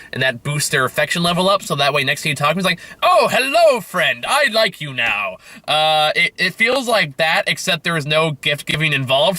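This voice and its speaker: Man, film reviewer, bright forceful voice, sarcastic, swearing, rambling, tired. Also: a little high, no room sound. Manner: sarcastic, profane, rambling with fillers. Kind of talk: casual film review rant.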